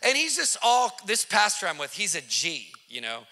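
A man tells a dramatic story on a podcast, excitable and emphatic. His voice is very bright and ringing, and it sits high for a man. He leans hard into key words. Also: normal speed. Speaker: podcast host. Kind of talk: animated storytelling.

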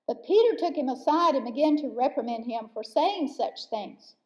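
High-voiced woman preaching a sermon. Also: animated, a little mellow. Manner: earnest, slow and emphatic with pauses. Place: church sanctuary. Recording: dull lo-fi church recording.

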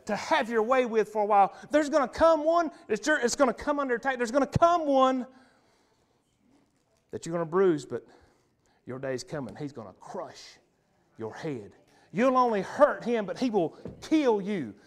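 A man preaching a sermon as pastor in a church, emphatic and punchy, repeating key phrases and swinging between loud and soft. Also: sits high, expressive, normal speed. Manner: emphatic, punchy repetition, wide swings in loudness. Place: church sanctuary.

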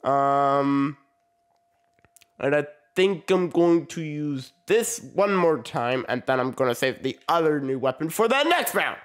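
A man's voice: a little high, expressive, a little slow. A man hosting a casual gaming video, playful and laughing often as he chats through a match. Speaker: gaming channel host. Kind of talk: casual gameplay chat.

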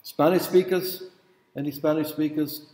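A man's voice: fairly high pitch, fairly even intonation, normal speed, darkish tone. A middle-aged man giving an informal university lecture, telling anecdotes and checking in with the audience. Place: lecture hall. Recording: echoey hall reverb.

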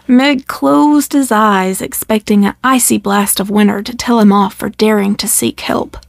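A woman storyteller reading a children's story aloud in a measured, expressive way. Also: mid-range voice, vocal fry, no echo, studio quality.

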